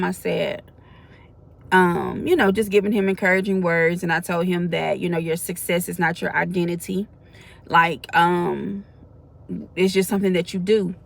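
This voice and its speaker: A woman's voice: fairly low pitch, creaky. A woman in her forties gives a spoken faith testimony. She talks in a colloquial, earnest way that builds into preaching. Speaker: faith vlogger.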